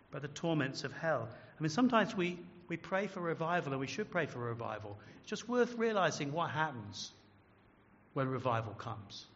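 A man's voice: medium pitch, a bit bright, in a large hall, muffled recording. A man preaching a sermon as pastor, earnest and emphatic, often asking the congregation questions. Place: large church.

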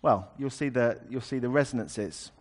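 A man's voice: mid-range voice, normal speed. A man preaching a sermon, explaining a scripture passage in a conversational way with wry asides.

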